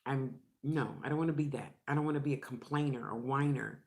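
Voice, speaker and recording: A woman's voice: extremely low pitch, brisk, a little mellow. An older woman chatting frankly into her vlog while she eats, laughing often. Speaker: vlogger. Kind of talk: casual chat while eating.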